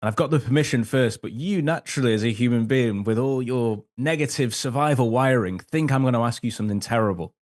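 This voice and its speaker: A man's voice: medium pitch, fairly quick, few pauses, a little mellow. A man, a sales consultant guest on a podcast, explaining techniques and acting out little sample conversations. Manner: acts out sample dialogue, frequent um fillers.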